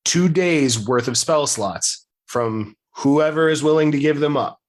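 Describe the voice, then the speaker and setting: A man's voice: a little high, a little slow. Man, game master, casual and chatty, swears freely. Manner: casual, swears freely, laughs between points. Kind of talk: explaining rules and narrating a tabletop game.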